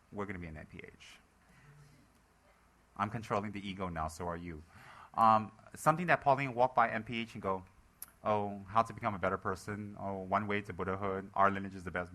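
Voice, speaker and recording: A man with a mid-range, sharp-toned voice gives a playful Dharma talk as a Buddhist teacher to a live audience. He jokes throughout and teases his students.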